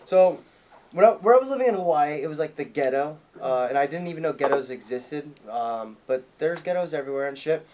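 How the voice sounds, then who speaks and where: A high-pitched male voice, well above the usual range for a man, carries this casual podcast storytelling. He is profane and excitable, piling on detail as the story builds. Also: fairly quick. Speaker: podcast host.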